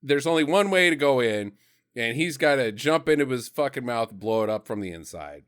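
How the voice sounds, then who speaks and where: Profane, animated man recapping a movie. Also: medium pitch, a little fast, clean tone. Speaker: podcast co-host. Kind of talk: casual comedic movie recap.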